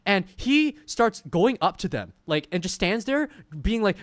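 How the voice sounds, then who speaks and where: Young guy streamer, rambly story w tons of "like", bouncy pitch, dry mic. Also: big pitch swings, fairly quick, few pauses, no room sound. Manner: rambling, lots of fillers, laughs through the story. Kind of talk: casual storytelling.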